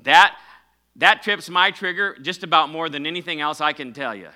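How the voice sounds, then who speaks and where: Speaking at a normal pace with a sharp tone and a voice on the high side, a middle-aged man preaches as pastor. He uses fillers, corrects himself, and prompts the congregation to answer back.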